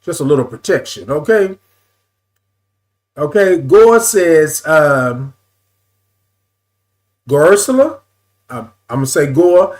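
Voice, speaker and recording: A man with a slightly high voice chats through a morning live stream, greeting his viewers by name. He stretches his greetings into a sing-song and keeps repeating his phrases in a loose, friendly way. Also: animated, unhurried, a little mellow. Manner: casual, repeats phrases, says y'all. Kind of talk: casual live-stream chat.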